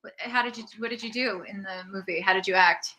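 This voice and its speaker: Bright, giggly young woman host. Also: mid-range voice, fast talker, rough recording. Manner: giggly, eager questioner. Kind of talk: casual live chat.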